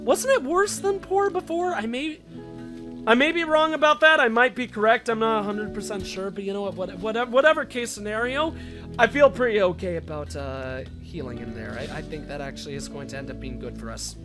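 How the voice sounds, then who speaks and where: A man casually commentating his gameplay, excitable and quick to shout orders at his characters. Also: high-pitched, music in the background. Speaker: game let's-play host.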